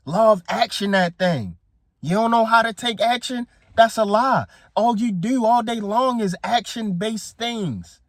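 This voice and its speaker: A preachy, emphatic motivational coach. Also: male voice, high-pitched, expressive, unhurried, no room sound, clean studio sound. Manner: emphatic and preachy, repeats phrases for effect; casual, slangy speech. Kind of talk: motivational speech to camera.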